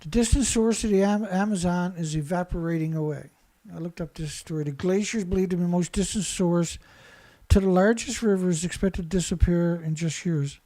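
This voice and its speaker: A man's voice: high voice, a little fast, mellow. A man giving a profane, sarcastic rant as he reads and mocks news reports. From Canada. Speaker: environmental commentator. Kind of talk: ranting commentary over news clips.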